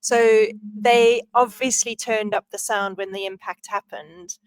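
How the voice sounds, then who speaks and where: A woman hosting a podcast interview, chatting casually and explaining with quick asides. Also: medium pitch, fairly even intonation, clean tone, no room sound, low-quality recording. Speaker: podcast host.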